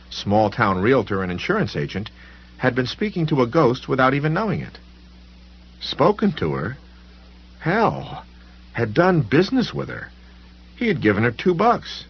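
Male audiobook narrator, husky voice, animated pitch, measured delivery. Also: lo-fi sound. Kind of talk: scripted narration.

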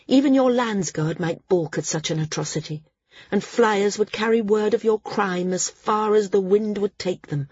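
Firm young heroine voiced by a woman, measured, defiant, breathy, dry dull recording. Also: mid-range voice, darkish tone, no room sound, voice pushed up, close to an everyday voice. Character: defiant young woman flyer, steady under threat.

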